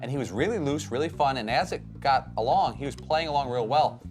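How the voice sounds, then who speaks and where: A man's voice: mid-range voice, music in the background. A man chatting casually on a sports show panel, rambling along. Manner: quick, rambling.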